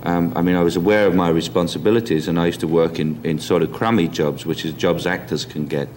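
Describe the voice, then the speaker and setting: A man with a Cockney accent, reflecting in an interview and pausing with many ums. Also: low voice, fairly even intonation, a little mellow, a little hiss or hum. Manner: hesitant, many ums and restarts. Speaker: interview guest.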